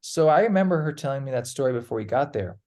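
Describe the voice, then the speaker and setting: A man's voice: mid-range voice, animated, quick pace, darkish tone. A man chatting as a guest, telling a loose, rambling story with plenty of fillers and casual swearing. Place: Peru.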